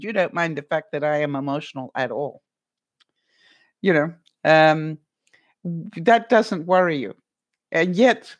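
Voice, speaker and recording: Middle-aged woman chatting to viewers on a stream, lots of ums and questions, animated, mid-pitch. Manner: animated, musing aloud with fillers and rhetorical questions. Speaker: vlogger reading viewer comments. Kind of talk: casual livestream chat.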